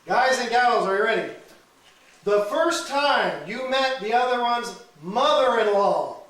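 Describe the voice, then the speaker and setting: A male comedian doing crowd work, teasing audience members with animated banter at a live show. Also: very high-pitched, a little slow. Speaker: stand-up comedian. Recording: echoey room, mic far, loud crowd.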